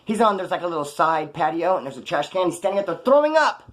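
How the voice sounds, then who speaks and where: A man's voice: high-pitched, very animated, fast talker, fairly bright tone. A man casually telling rambling, profane prison stories off the cuff, full of slang. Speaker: storyteller recounting his prison past.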